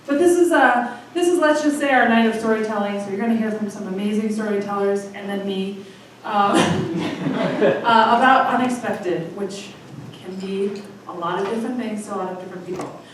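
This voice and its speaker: A woman in her thirties from Michigan hosting a live storytelling night, telling a personal story in a chatty, self-deprecating way with quick asides. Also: medium pitch, far from the mic. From Michigan, USA. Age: 30s. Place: live storytelling venue with audience. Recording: echoey room from afar, faint noise.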